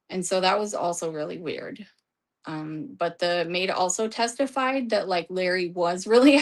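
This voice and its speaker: A woman recapping a court trial in a casual, rambling way, reading from her notes and losing her voice. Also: fairly low pitch. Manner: rambling, restarts, reads from notes.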